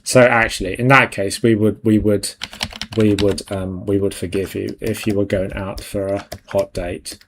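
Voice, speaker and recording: A man's voice: lowish voice, little pitch movement, moderate pace, slight background noise. A young man hosting a livestream, chatting casually with viewers in a rambling way and laughing often. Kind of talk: casual chat.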